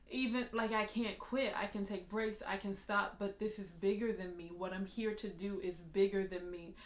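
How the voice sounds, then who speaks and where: A woman's voice: mid-range voice, a bit bright. American woman doing a raw confessional vlog at home, honest and tired, a bit of room echo. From United States. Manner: candid, tearful, laughing between words. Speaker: vlog host. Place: her apartment. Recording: roomy apartment echo.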